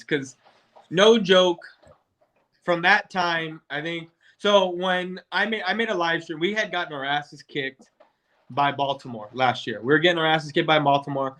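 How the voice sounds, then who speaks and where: Bright-voiced man rambling about football. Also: on the high side. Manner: rambling, stumbles and restarts often. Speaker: guest debater, football fan. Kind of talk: casual sports debate.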